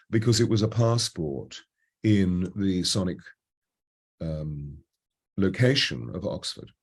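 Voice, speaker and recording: A man in his seventies with a British Received Pronunciation accent, a voice coach telling stories in an interview, expressive, moving between lively bursts and slow, hushed phrases. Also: low-pitched. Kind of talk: reflective interview storytelling.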